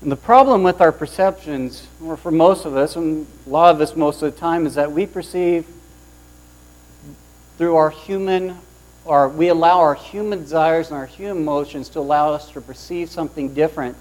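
A man preaching a sermon, opening with a lively personal story and acting out the voices of the people in it. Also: a little high, normal speed, low-quality recording. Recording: mains hum underneath.

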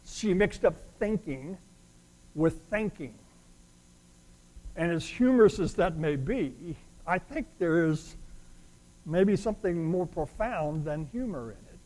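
Emphatic preacher, a man with a higher voice. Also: animated, takes it slowly, pauses often, poor audio. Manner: emphatic, swings between loud declarations and quiet asides. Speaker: pastor. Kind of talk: sermon.

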